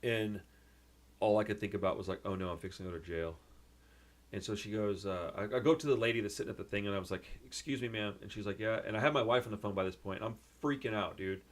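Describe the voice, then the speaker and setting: A young man telling a rambling, excitable story in a casual vlog, full of fillers and restarts. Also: lowish voice, fast. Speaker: vlogger.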